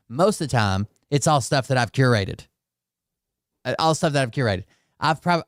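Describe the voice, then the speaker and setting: A man's voice: medium pitch, clean tone, dry recording, studio quality. Sarcastic man mocking a clip. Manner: mocking, sarcastic, profane asides. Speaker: commentary show host. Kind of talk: reaction commentary on clips.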